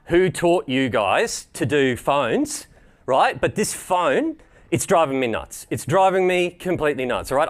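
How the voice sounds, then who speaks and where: An Australian man playing an irate phone customer who is exasperated, repeats himself and keeps calling the agent "mate". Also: a little high. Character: irate male phone customer, impatient and fed up.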